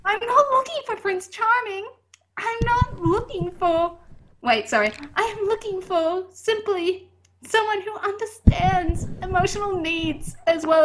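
Woman, very high pitch, podcast co-host, reading aloud, stumbles and laughs. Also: fairly bright tone. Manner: stumbles over the text and laughs at her own slips.

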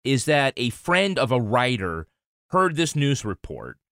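A man's voice: mid-range voice, very animated, unhurried, fairly bright tone, no room sound, studio quality. A man co-hosting a podcast in casual chat, teasing and laughing often, then reading the show's outro. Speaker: podcast co-host.

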